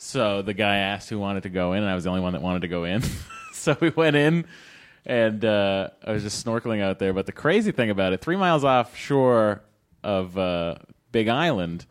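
A low-voiced man spinning a loose story in casual podcast talk, swearing freely and stacking fillers as he goes. His voice sits on the deeper side. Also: animated, normal speed, smooth. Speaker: podcast co-host.

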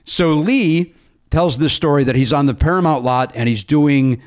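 A man hosting a podcast, telling stories in an excitable, animated way and laughing often. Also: a little high, moderate pace. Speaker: podcast host. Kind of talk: casual chat.

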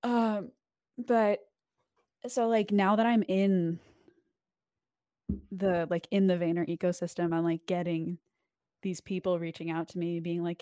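A young woman joins a podcast as a guest and chats casually, leaning on fillers and laughing asides. Her voice sits a little low. The sound is dry and close. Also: fairly even intonation, unhurried, pauses often, dark tone, clear, resonant tone, no room sound. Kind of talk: casual chat.

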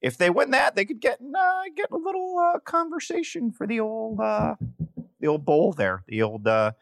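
A man's voice: sits high, big pitch swings, normal speed, creaky, a bit bright, no room sound. A man from Western Massachusetts co-hosting a podcast, chatting about college football with wry, upbeat banter. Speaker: podcast co-host. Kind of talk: casual sports chat.

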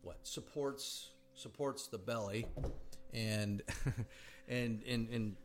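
A man's voice: lowish voice, slow, noisy background. A man co-hosting a podcast in casual chat, teasing his friend and shrieking in disbelief. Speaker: podcast co-host.

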